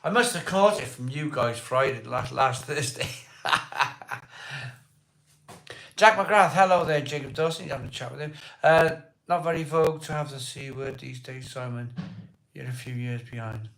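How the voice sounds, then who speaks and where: A Welsh man with a voice hoarse from a cold, hosting a casual live stream, greeting viewers by name and asking for likes. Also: mid-range voice, steady tone, normal speed, a bit bright. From Wales. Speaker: livestream host. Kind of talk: casual live chat reading viewer comments. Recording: echoey room.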